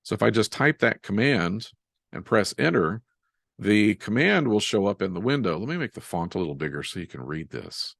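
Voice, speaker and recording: A man teaching a live software webinar, explaining each step as he types and joking about his own typos. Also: lowish voice, moderate pace, creaky, no echo, clean studio sound. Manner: relaxed, self-deprecating, walks through steps while typing. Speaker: software instructor.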